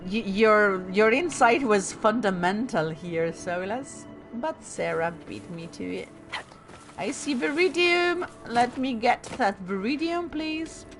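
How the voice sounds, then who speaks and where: This woman speaks slowly with a fairly high pitch and lively intonation, with music playing underneath. Running a let's play, she gives laid-back commentary on her own gameplay, teasing herself and addressing the characters on screen.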